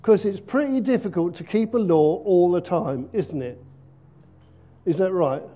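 A man's voice: high voice, a little slow, mellow. A man giving a playful, interactive all-age church talk, asking the congregation questions as he preaches. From Britain. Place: church hall.

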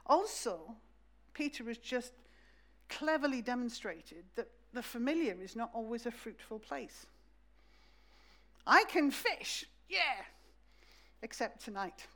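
A woman preaching a sermon in a church, telling the story in a lively way and acting out the voices. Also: a little high, moderate pace.

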